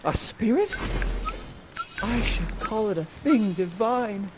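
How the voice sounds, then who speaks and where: A man voicing Miranda, a starstruck young maiden, in a high fluttery voice during a comic Shakespeare performance. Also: animated, takes it slowly, music in the background. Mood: awed.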